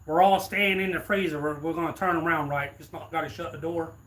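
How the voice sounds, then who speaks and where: A man's voice: a little high, fast, slight background noise, lightly acted, poor audio. A man voicing a blunt, fearless 65-year-old woman who takes no nonsense. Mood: steady. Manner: flat, no-nonsense threats.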